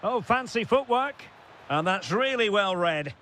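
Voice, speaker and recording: A man delivers football video game play-by-play with a high, bright, sharp tone. He calls players' names in short bursts and builds to excited cries at goals. A faint hiss sits behind him. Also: measured pace. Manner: terse calls that swell into excited shouts on goals. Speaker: play-by-play commentator.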